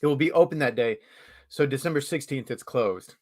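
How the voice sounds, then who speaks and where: Live-show host, male, mid-pitched, chatty and easygoing, laughs often. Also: a little fast, a little mellow. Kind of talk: casual live-stream chat.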